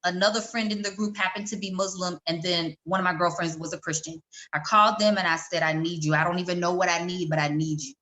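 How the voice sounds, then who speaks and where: A middle-aged woman, a guest in a conversation, telling a personal story in an animated way and acting out the voices of the people she quotes. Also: fairly low pitch, fast talker.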